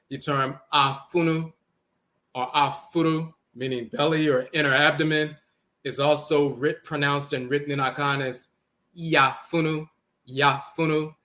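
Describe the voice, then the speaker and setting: A man lecturing on language origins, deliberately spelling out letters and repeating each word as he points to text on screen. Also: on the high side, pushed and bright.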